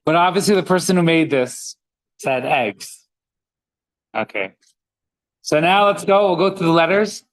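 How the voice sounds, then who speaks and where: A man's voice: fairly high pitch, animated, a little slow, pauses often, poor audio. A man teaching a reading class, patiently sounding out letters and words one by one for his students. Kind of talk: classroom lesson.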